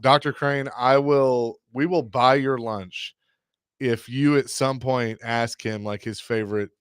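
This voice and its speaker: A man's voice: mid-range voice, fairly even intonation, unhurried, clear, resonant tone, dry recording, clean studio sound. A man hosting a sports radio show, talking casually and opinionatedly, often restarting his sentences.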